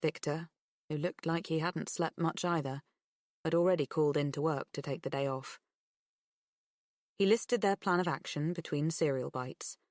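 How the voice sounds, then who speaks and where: A woman narrating an audiobook thriller in a measured, expressive reading. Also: low-pitched, dry recording, clean studio sound. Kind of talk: scripted narration.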